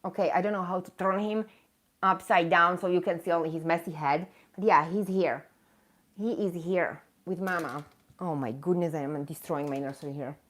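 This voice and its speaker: A woman's voice: lowish voice, fairly even intonation, moderate pace. A woman hosting a live stream, ranting with indignant emphasis and breaking into chatty, self-mocking asides to viewers. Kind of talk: impassioned live chat rant.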